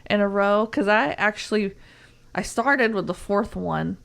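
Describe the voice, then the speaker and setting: A woman's voice: medium pitch, unhurried, creaky, fairly bright tone. A young woman with a Southern US accent, chatting as a podcast co-host, rambling with fillers and frequent giggles. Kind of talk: casual podcast chat.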